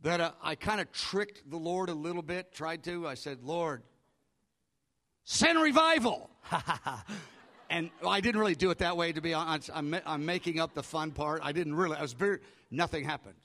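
Animated storytelling pastor, a man. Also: a little high, brisk, hardly any pauses. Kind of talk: sermon storytelling.

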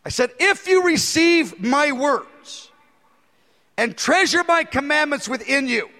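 A man's voice: very high-pitched, lively intonation, takes it slowly, pushed and bright. A man preaching a sermon, telling a story and acting out the dialogue in it with animation. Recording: long hall reverb.

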